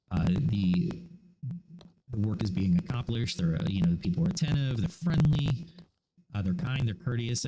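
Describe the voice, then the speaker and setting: A man's voice: on the low side, noisy background. A middle-aged man chatting casually as a gaming channel host, musing and opinionated, often restarting his sentences. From United States. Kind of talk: casual chat over gameplay.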